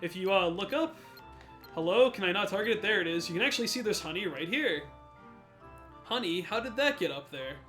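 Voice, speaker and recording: A man's voice: high voice, animated, fast, pushed and bright, faint music behind. A young man doing let's play commentary, sarcastic and joking. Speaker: gameplay commentator.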